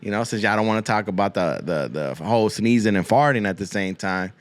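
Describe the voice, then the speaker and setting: A man's voice: on the low side, a little fast, no room sound. A man hosting a podcast, rambling through a crude comic monologue full of swearing and Spanish slang, often repeating himself. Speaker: podcast host.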